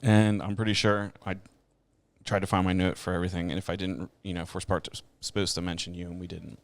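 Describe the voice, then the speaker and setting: A man hosting a podcast in casual chat, relaxed and rambling, with lots of fillers and frequent laughs. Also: low-pitched, fairly quick. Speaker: podcast host.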